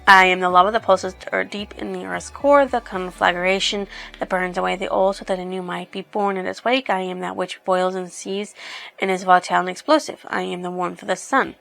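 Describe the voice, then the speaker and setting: A woman's voice: fairly low pitch, steady tone, a little fast, gravelly, fairly bright tone, faint music behind. A woman voicing a commanding male fire demon king in a retold story. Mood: grand.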